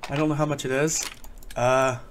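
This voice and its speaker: A man's voice: medium pitch, fairly even intonation, moderate pace, a little hiss or hum. A man giving casual gameplay commentary as a gaming YouTuber, joking and mock-serious while he chats at other players.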